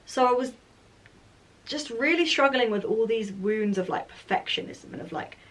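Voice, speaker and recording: A woman's voice: fairly high pitch, moderate pace, far from the mic. A young woman telling a personal story in a casual, chatty vlog style. She fills her talk with "like" and acts out her own thoughts aloud. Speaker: vlogger.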